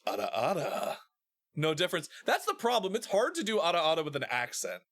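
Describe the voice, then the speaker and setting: Young man, streamer host, lively up-and-down voice, slightly high, playful and laughing. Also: fast. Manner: animated, laughs often, playful. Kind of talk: casual stream chat.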